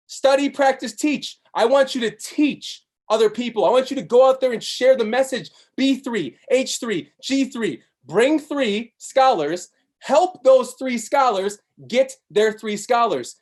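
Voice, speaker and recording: This is a man delivering a hype motivational sales pitch to a live online audience. He talks with constant energy, chants short slogans again and again, and swings his voice up and down between loud peaks and low, pressing asides. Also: expressive, unhurried. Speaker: network marketing presenter.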